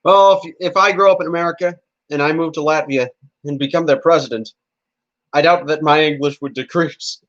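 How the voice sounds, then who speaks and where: A man's voice: a little high, fairly even intonation, fairly quick, fairly bright tone, no room sound. A man hosting a casual podcast, talking bluntly with swearing and stammered restarts. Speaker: podcast host. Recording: dull lo-fi audio.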